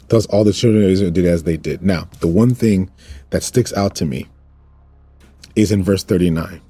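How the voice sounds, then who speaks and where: A man's voice: low-pitched, steady tone, quick pace, warm tone, husky, dry recording, soft background music. A man teaching a Bible passage in an informal sermon, repeating words for emphasis and joking with his listeners. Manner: repetitive, emphatic, jokes and asides to viewers. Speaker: preacher teaching a Bible study.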